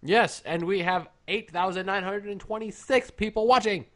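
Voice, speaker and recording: A man co-hosting a casual live stream, playful and quick to giggle. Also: high voice, a bit bright. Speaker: show co-host.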